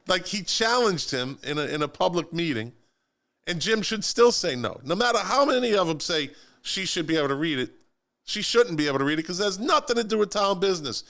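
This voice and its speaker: A man's voice: sits high, creaky. Sarcastic man retelling a council meeting. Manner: animated, sarcastic storytelling. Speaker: co-host of a local politics livestream. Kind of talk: casual political chat. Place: radio studio.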